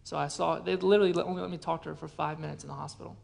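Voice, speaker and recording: A man preaching a sermon as a pastor, telling a personal story in an earnest way and often dropping to a hushed voice. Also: a little high, steady tone, rapid-fire, gravelly.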